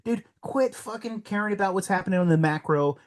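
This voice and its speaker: A man's voice: high voice, fairly quick. Blunt, profane man ranting. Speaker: podcast guest. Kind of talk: casual podcast rant.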